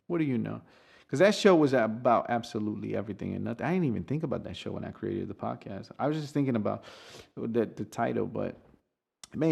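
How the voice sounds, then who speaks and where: Gravelly man rambling on his podcast. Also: on the low side, darkish tone. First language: Spanish. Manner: rambling, swears freely, many restarts. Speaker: podcast host. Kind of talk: casual solo podcast monologue.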